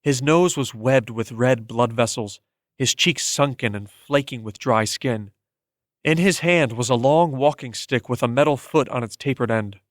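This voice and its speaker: Man reading an audiobook, mid-pitched voice, measured pace, dry close sound. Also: no room sound. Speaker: audiobook narrator. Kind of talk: scripted narration.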